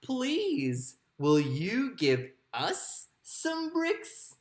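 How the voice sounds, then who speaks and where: A woman's voice: mid-range voice, huge pitch swings, drawn-out words, roomy sound, heavily acted. A woman voicing three polite little wolves.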